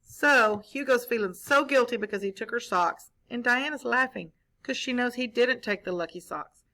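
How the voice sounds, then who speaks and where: A woman's voice: a little high, moderate pace, sharp tone. A woman teacher reading a story aloud to children, stopping to explain and ask them questions. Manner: explaining, asks the listeners questions. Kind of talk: read-aloud lesson for children.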